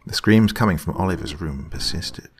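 A man narrating a scary story in a slow, brooding way. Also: low voice, slightly rough. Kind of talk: scripted narration.

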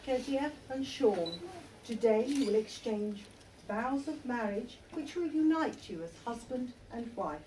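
Woman registrar, formal, far-off mic. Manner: measured, formal, lively pitch. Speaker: wedding registrar. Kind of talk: formal wedding ceremony address. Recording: distant mic with background noise.

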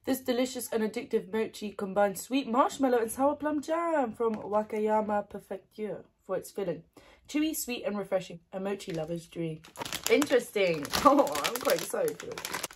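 A woman doing ASMR snack tasting, soft-spoken, giggly and gushing into a close microphone. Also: medium pitch, expressive, moderate pace, slight background noise. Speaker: ASMR creator.

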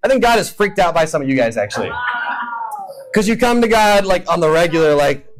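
A man's voice: sits high, lively intonation, brisk, rough recording. A man preaching a humorous sermon, acting out imagined prayers and conversations in playful voices. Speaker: pastor. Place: church hall.

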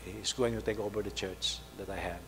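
A middle-aged man, preaching a sermon, telling a story and swinging between loud emphasis and soft asides. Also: fairly low pitch, steady tone, fairly quick, vocal fry. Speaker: pastor. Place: church hall. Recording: faint hum, long hall reverb.

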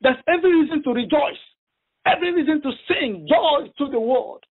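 Husky high guy preaching, stops and repeats a lot, tinny phone line. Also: expressive. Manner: halting, repeats himself, emphatic retelling. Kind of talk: sermon over a phone prayer line.

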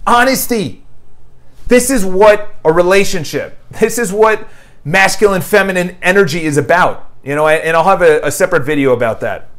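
A man's voice: high voice, moderate pace, a bit bright. A man reviewing a book in a casual motivational monologue, emphatic and repeating his points. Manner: emphatic, repeats phrases, lists questions; quotes an author's dialogue in paraphrase. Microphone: new microphone, home video.

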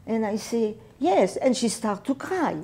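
A woman in her eighties with a French and Catalan accent, a native Catalan speaker, recalling her wartime childhood for an interviewer in unhurried, halting English. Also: a little high, dark tone. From France. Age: 80s. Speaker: veteran oral history interviewee. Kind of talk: personal war memories told to an interviewer.

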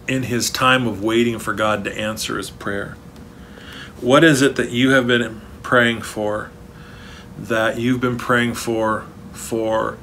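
A man's voice: medium pitch, pushed and bright, slight background noise. A man preaching a sermon as pastor, earnest and rising to emphatic stresses, recorded for an online church service.

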